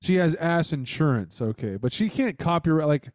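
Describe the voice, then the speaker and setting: A man's voice: on the high side, expressive, normal speed, a little mellow, dry recording, clean studio sound. A man hosting a podcast who rambles along casually and swears while mocking someone. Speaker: podcast host.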